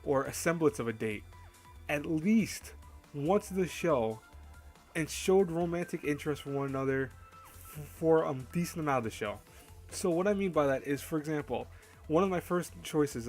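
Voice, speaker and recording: A man hosting an anime countdown in casual chat, rambling and correcting himself as he goes. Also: medium pitch. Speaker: host. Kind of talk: casual anime list commentary.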